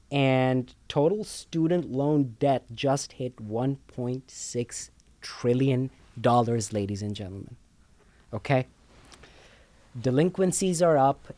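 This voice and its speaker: A man's voice: medium pitch, dark tone, no echo. Emphatic man explaining money on a talk show. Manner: emphatic, repeats words, says okay often. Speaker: co-host explaining finance. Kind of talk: casual panel talk show.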